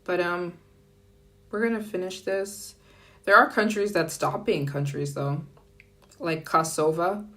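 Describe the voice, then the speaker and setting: A woman chatting casually on a live stream, upbeat and playful with quick asides. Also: on the low side, bright, forceful tone. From United States. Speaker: travel vlogger. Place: France.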